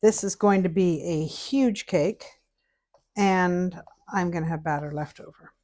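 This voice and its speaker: A woman's voice: fairly low pitch, a little slow, darkish tone. A middle-aged woman from Canada, chatting casually while she teaches a cake recipe and hums to herself as she works. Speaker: cooking instructor. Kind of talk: casual cooking tutorial chat.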